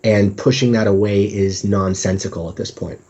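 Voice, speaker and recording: The lo-fi recording, dull and carrying a little hiss or hum, captures a man with a lowish, mellow voice and fairly even intonation at normal speed. He's a podcast guest in a casual interview, speaking candidly with self-deprecating humor and sometimes acting out his inner voice.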